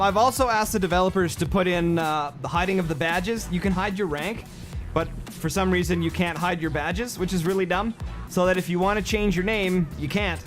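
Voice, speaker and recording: Male game streamer, voice sits a bit high, off-the-cuff chat with chat, repeats himself, music bed audible. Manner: rambling, reacts to chat with fillers and repeats. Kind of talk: casual livestream chat.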